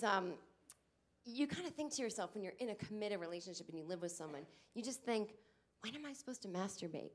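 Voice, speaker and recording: Animated woman doing stand-up. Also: vocal fry. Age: 30s. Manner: animated, acts out other people in shrill voices. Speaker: stand-up comedian. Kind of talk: stand-up comedy set. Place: comedy club stage with a live audience.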